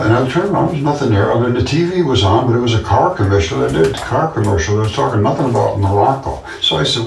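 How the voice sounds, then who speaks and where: A man's voice: mid-range voice, sing-song, fast, vocal fry, hardly any pauses, slight background noise. A man talking in a casual monologue, earnest and insistent, often repeating himself as he tells his story. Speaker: vlogger. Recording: roomy, distant from the mic.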